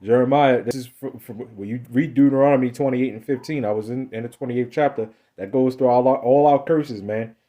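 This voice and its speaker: A man's voice: medium pitch, a little fast, hardly any pauses, highs cut off. Male preacher, mid-range voice, casual and emphatic, talking to viewers with plenty of slang and restarts. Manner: emphatic, repetitive, ends phrases with "man"; loose, conversational slang and restarts. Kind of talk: casual Bible teaching.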